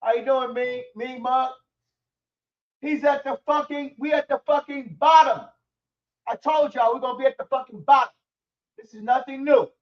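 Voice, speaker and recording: A man's voice: very high-pitched, fairly even intonation, moderate pace, long pauses, far from the mic, dull audio. A man ranting angrily and profanely about his football team on a stream. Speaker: sports commentary streamer. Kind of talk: angry sports rant.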